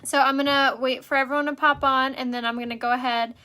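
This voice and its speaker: A woman's voice: sits high, level tone, quick pace, sharp tone. A young woman from San Diego hosting a casual makeup livestream at home, rambling in chatty talk full of "like" fillers. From San Diego, California.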